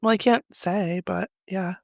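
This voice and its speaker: A woman's voice: medium pitch, fairly even intonation, measured pace, creaky, no echo, clean studio sound. A young adult woman co-hosting a podcast in casual chat, giggly and playful. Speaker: podcast co-host.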